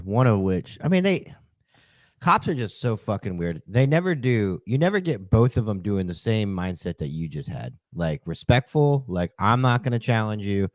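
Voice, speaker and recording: A man's voice: fairly low pitch, darkish tone, no room sound. A man who is a police officer, talking in a casual chat on a podcast in a heated, profane, emphatic way.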